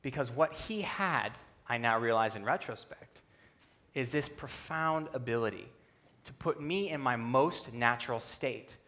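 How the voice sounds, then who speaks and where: A young man speaks on a stage with lively, humorous storytelling. His voice sits in a medium register, and he drops lower and quieter whenever he acts out what someone else said. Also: unhurried. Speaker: speaker at a youth conference talk. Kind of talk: personal storytelling speech. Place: stage before a live audience.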